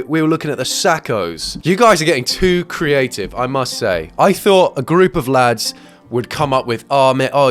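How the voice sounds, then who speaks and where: A young man hosting a reaction video, rambling in crude, self-mocking jokes with sudden loud outbursts. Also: mid-range voice. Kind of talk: casual comedic reaction commentary.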